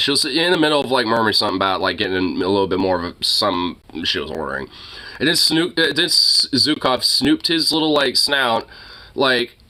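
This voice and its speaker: A man's voice: medium pitch, fairly quick, pushed and bright, low-quality recording. A young man chatting casually with his viewers, rambling with lots of fillers and swearing. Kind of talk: casual chat.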